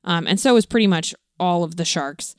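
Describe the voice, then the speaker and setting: Smooth-voiced woman explaining patiently. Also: fairly low pitch, moderate pace, no echo, clean studio sound. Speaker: co-host, parent. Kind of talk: casual film discussion.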